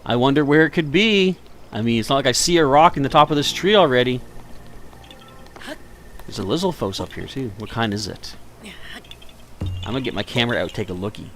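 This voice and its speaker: A man's voice: mid-range voice, lively intonation, fairly quick, long pauses, a bit bright, faint music behind. Chatty man streaming a video game. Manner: rambling and chatty, talks to viewers and enemies. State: tired, yawning. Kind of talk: casual gameplay commentary.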